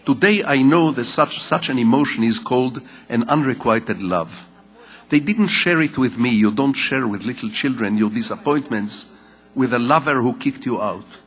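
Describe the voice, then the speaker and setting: An older man who grew up speaking Hebrew gives a public lecture in English, telling personal stories in a measured, wry way with deliberate pauses. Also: medium pitch, a bit bright. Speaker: lecturing novelist. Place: conference hall. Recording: reverberant lecture hall.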